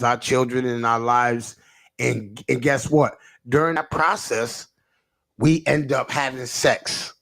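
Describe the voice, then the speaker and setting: Gravelly man ranting on a livestream. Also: mid-range voice. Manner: rambling, repeats himself, stammers and restarts, answers chat comments. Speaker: livestream host. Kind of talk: casual livestream rant.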